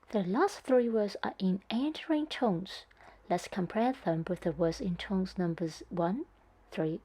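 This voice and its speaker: A woman delivers a scripted lesson at an unhurried pace. Her voice is mellow and a little breathy. She speaks carefully, sounding out each tone. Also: mid-range voice. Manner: slow, careful, demonstrating tones. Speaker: Cantonese teacher.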